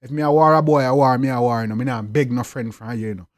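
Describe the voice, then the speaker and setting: A young man with a Jamaican accent, talking in an interview in a forceful, repetitive way with loud emphatic bursts. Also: medium pitch, quick pace, no echo. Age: young adult. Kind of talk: interview talk.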